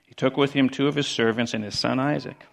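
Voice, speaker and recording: A man's voice: steady tone, a little fast, creaky. Earnest man preaching a sermon. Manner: earnest, repeats words for emphasis, drops to quiet low tones.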